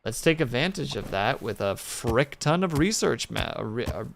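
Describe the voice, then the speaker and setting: A man's voice: mid-range voice, very animated, moderate pace, creaky, slight background noise. A man streaming a game, chatting casually and joking with his chat. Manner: joking, playful asides to chat.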